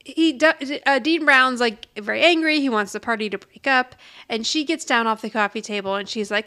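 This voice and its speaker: A woman's voice: on the high side, normal speed. A woman co-hosting a podcast, casually recapping a TV episode and acting out the characters' lines with laughter. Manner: animated retelling, acting out quotes with laughs. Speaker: podcast co-host.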